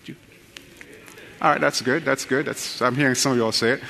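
A man preaching a sermon, joking with the congregation and then reading scripture quickly. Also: mid-range voice, steady tone, creaky, pushed and bright, in a large hall. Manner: folksy, joking, addresses the crowd directly.

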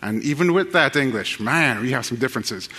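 Male preacher, casual and joking, average pitch. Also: expressive, a little fast, bright, forceful tone, in a large hall. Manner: folksy, joking, addresses the crowd directly. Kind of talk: sermon with fast scripture reading.

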